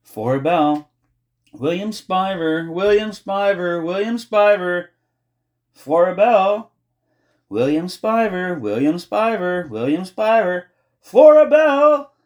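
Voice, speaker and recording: A man's voice: medium pitch, very animated, moderate pace, voice pushed up, lightly acted. A man voicing a desperate, determined young girl who talks urgently and insistently in an audiobook. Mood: pleading chant. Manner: urgent, insistent, often shouting. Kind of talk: audiobook character voice.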